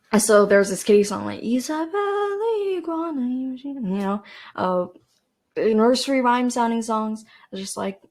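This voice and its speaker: A teenage girl from Canada, rambling casually to camera as a podcast host, with lots of fillers and restarts. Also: mid-range voice. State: dry throat.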